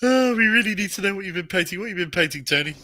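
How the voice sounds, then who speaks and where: Man with a very bright, sharp voice. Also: high voice, expressive, racing. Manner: chatty, steers and wraps up the show. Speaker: host. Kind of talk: casual chat on a live stream.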